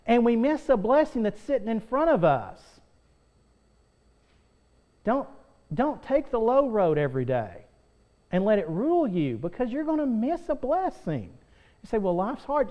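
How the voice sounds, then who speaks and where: A man's voice: sits high, muffled recording. A man teaching a Sunday School lesson as pastor, earnest, reading scripture aloud and repeating phrases for emphasis. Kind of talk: preaching Bible lesson.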